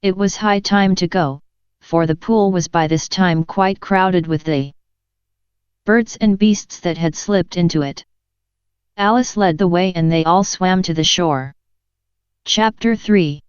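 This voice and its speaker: A woman narrating a children's audiobook in a gentle, measured storytelling manner. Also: fairly low pitch, smooth, dry recording. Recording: dull lo-fi dry recording.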